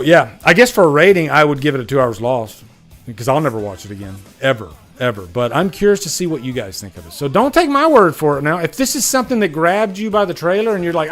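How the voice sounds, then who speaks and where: A man's voice: a little high, lively intonation, quick pace, a bit bright, faint music behind. A man hosting a casual live stream, chatting animatedly about movies he saw and answering viewers.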